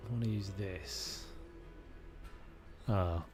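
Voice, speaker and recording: A man's voice: lowish voice, slow, over music. A young man streaming a renovation game, casually thinking aloud and muttering to himself as he builds, with self-deprecating asides. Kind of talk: casual live-stream commentary.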